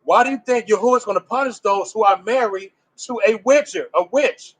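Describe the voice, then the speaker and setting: Emphatic man teaching, higher-pitched voice. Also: a little fast, rough recording. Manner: emphatic, fires rhetorical questions at listeners; loose conversational phrasing with restarts. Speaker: religious teacher. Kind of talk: informal religious teaching.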